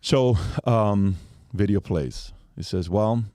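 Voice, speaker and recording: A man's voice: on the low side, lively intonation, normal speed, a little mellow, no echo, studio quality. A man in his forties telling a long story as a podcast guest, acting out the quoted lines as he goes.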